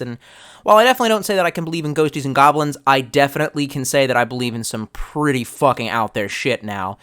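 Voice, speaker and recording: A man's voice: fairly high pitch, fairly bright tone, smooth. A young man streaming live, chatting loosely and swearing a lot, trailing off and restarting as he reads chat. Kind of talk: rambling casual stream chat.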